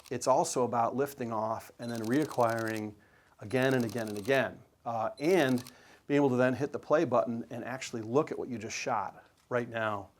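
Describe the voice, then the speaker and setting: An enthusiastic man presents his photos to an audience in a relaxed, conversational way. He is a working sports photographer who talks easily, with plenty of fillers and restarts, at a mid-range pitch.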